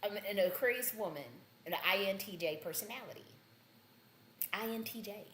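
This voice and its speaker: A woman's voice: medium pitch, moderate pace, a bit bright, echoey room, a little hiss or hum. A woman hosting a livestream, talking in a blunt, profane, rambling way with many restarts. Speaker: livestream host.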